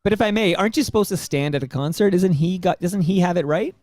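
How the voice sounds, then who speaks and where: A man from Canada co-hosting a casual sports podcast, easygoing and quick to chuckle along. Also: sits high, darkish tone, no room sound. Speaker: podcast co-host. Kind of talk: casual chat.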